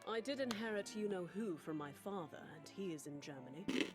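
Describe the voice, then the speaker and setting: An actor voicing a young aristocratic boy in an anime, who speaks in a crisp, clipped, imperious way. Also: medium pitch, expressive, a little fast, natural voice. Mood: commanding. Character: young aristocratic boy, cold, commanding and curt. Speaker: anime character. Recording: anime clip with music underneath. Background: background music.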